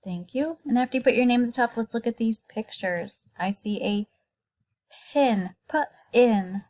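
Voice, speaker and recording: A woman's voice: a little high, normal speed, a little mellow. A woman teaching kindergarten phonics, patiently sounding out letters and words for young children.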